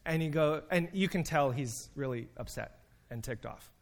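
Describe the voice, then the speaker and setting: Animated man preaching with humor. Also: a little high, gravelly, slight background noise. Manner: animated storytelling with humor and emphatic pauses. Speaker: preacher and teacher. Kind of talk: sermon.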